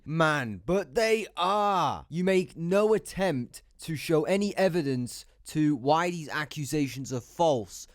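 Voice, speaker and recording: A man's voice: on the high side, a little mellow, no room sound, studio quality. A man giving blunt, sarcastic commentary, swearing freely as he talks. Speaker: YouTube commentator. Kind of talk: opinionated commentary.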